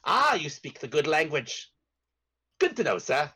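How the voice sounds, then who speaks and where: A man's voice: a little high, huge pitch swings, a little slow, bright, forceful tone, slightly rough, heavily acted. A man voicing a tall male elf captive with a put-on British accent, polite and old-fashioned in his phrasing. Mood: genteel.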